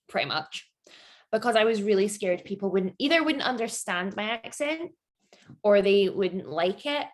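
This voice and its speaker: Scottish woman chatting away in an interview, lots of likes and laughs. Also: medium pitch. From Scotland. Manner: chatty, laughs often, many "like" fillers. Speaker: guest. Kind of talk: casual interview chat.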